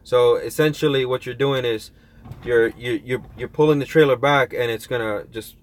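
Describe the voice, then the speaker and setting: A man who drives trucks, chatting casually in a slangy, animated way. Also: medium pitch, moderate pace. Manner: slangy, animated, says bro and yo. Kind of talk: casual chat.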